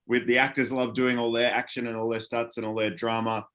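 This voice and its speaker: A man's voice: medium pitch, little pitch movement, a little fast, fairly bright tone. A man chatting as a guest on an online panel, telling enthusiastic, rambling stories over a video call. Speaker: panel guest, former series actor. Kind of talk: casual panel chat.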